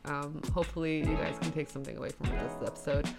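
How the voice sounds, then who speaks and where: A woman's voice: low voice, fairly even intonation, quick pace, vocal fry, over music. A young woman hosting her own podcast, rambling through a solo monologue with many fillers, tired but upbeat. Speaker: podcast host.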